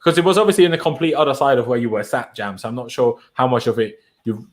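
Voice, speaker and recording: A man's voice: medium pitch, fast talker. Chatty man hosting a football chat. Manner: chatty, rambling, with many restarts. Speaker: podcast host.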